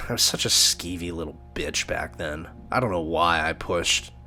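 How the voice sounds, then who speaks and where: A man's voice: deep voice, normal speed, sharp tone, faint music behind, exaggerated voice. A man voicing a coarse, brazen young man who talks bluntly and crudely, in a story game. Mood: regretful.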